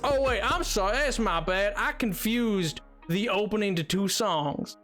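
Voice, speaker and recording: A man's voice: high-pitched, a little slow, a bit bright, faint music behind. A young man chatting casually while streaming a game, self-mocking and laughing often. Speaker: gaming streamer.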